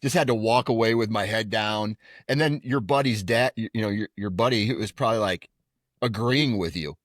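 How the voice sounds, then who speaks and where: A man's voice: on the low side, fairly quick, no room sound, studio quality. A middle-aged man co-hosting a podcast, ranting about kids in casual chat, swearing freely and acting out quotes. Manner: animated, swears freely, rants with put-on quotes. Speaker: podcast co-host.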